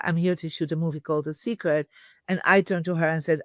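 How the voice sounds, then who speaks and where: A woman guest in a podcast interview, telling lively stories and acting out quoted dialogue. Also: lowish voice, brisk, dry recording, studio quality. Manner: animated storyteller, quotes dialogue. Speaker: podcast guest, feng shui teacher. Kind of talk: casual interview storytelling.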